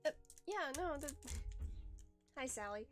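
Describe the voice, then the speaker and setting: A woman streamer chats casually during a gaming live stream, rambling and restarting sentences with little giggles while faint music plays behind her. Her voice is high-pitched and expressive, at a measured pace.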